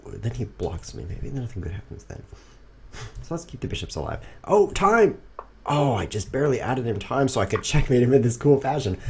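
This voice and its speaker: A man commentating his own chess games on a stream, goofy and self-mocking, talking to viewers and swinging from excited outbursts to quiet mutters. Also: slightly rough. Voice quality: animated, jumps high when excited, drops to mutters. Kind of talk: casual live commentary while playing. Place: home room. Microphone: streaming setup.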